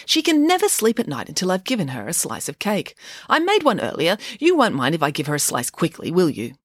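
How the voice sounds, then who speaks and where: A storyteller voicing a sly young woman who coaxes in a bright, falsely modest tone. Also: medium pitch, wildly swooping pitch, a little fast, no echo, studio quality. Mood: coaxing. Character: sly sweet-talking young woman, Scheherazade.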